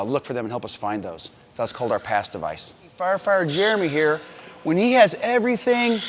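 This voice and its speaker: A firefighter speaks to a young audience with a voice a bit higher than most men's. He keeps things simple and patient, talking straight to the kids. A faint hiss sits under the speech. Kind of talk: explaining gear to children.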